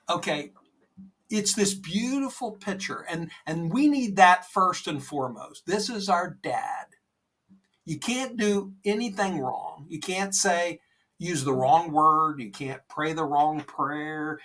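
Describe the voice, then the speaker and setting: A man with a slightly raised pitch talks earnestly and reassuringly on a faith podcast. He takes his time, with a relaxed, unhurried delivery. His voice sounds a little distant from the microphone. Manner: earnest, gentle, reassuring, with many "you know"s. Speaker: podcast co-host. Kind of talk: conversational faith talk.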